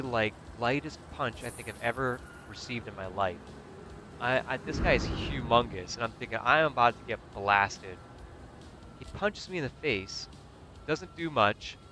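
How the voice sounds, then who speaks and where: A man with a bright, forceful voice spins stories in casual chat and jumps into the voices of the people he quotes. A faint hum of background noise sits under his voice. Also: mid-range voice. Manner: animated, acts out quotes. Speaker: gaming streamer.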